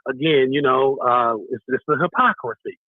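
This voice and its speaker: A man's voice: mid-range voice, moderate pace, no echo. A man calling into a live online show, arguing his point in a sarcastic, casual way. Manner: sarcastic, argumentative. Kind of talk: casual debate on a live stream. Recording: tinny phone-like line.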